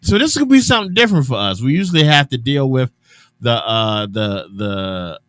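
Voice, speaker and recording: Chatty radio host with dry sound. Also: male voice, mid-range voice, very animated, fairly bright tone, dry recording. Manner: loose and chatty, drawn-out hesitations and restarts. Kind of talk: casual radio chat. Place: radio studio.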